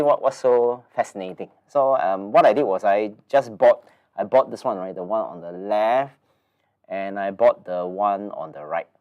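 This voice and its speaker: A man's voice: lowish voice, a little mellow, muffled recording. Nasal Singaporean man hosting a webinar. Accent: Singaporean English. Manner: chatty and rambling, with many fillers and repeated words. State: blocked nose. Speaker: webinar host. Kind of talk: casual webinar presentation.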